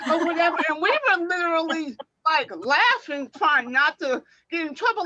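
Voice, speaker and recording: High bright woman on a video call, lively storyteller, dry dull sound. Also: moderate pace, no room sound. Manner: animated storyteller, acts out quotes, laughs often. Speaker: former track athlete. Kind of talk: casual reunion chat.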